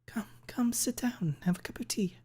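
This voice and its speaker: A man voicing a tiny, shy female dinosaur-like character in a read-aloud visual novel, in a soft, hushed whisper. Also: extremely high pitch, a little fast, breathy edge, pitched above the performer's own voice. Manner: polite and fussing, hushed.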